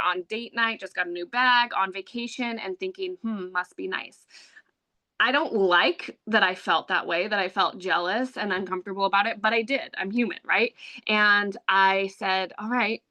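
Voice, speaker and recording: A woman's voice: mid-range voice, gravelly, sharp tone. A woman in her thirties telling a candid personal story to an audience, chatty and filled with "um" and "like". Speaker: online business presenter.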